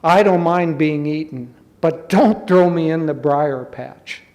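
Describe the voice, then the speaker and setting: A man voicing a clever, boastful trickster rabbit from a folk tale, in a shrill, theatrical, pleading voice. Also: slow pace, a little mellow. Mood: mock pleading. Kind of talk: folk tale told in a spiritual talk.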